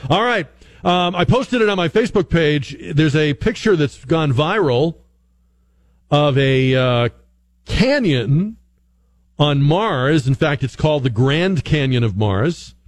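Chatty, lively-voiced radio talk host. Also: male voice, on the high side, takes it slowly, no echo. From northern United States. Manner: chatty, animated, mimics voices mid-story. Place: radio studio.

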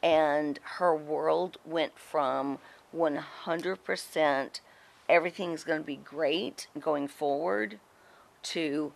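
Slow, gravelly-voiced blunt woman. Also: sits low. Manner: blunt, profane, emphatic. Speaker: guest, former wrestling personality. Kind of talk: candid interview storytelling.

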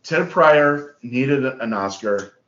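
A man's voice: mid-range voice, expressive, slow, fairly bright tone, echoey room, dull audio. A man co-hosting a casual movie-review chat who often restarts his sentences and keeps saying "listen". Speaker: podcast co-host.

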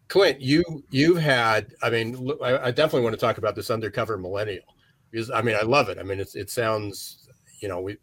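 Low-voiced man rambling as a co-host. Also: a bit bright, no echo. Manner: rambling, many restarts and fillers. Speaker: podcast co-host. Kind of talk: conversational interview.

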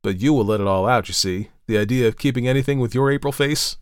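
A man's voice: mid-range voice, fast talker, no echo, studio quality, close to an everyday voice. A man voicing a cheerful young man who talks in a hearty, coaxing and teasing way.

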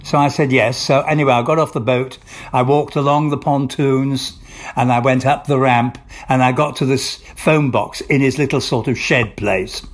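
A man's voice: mid-range voice, fairly even intonation, normal speed. An older male actor being interviewed, telling long rambling stories with restarts and acted-out dialogue. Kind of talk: anecdotal interview storytelling.

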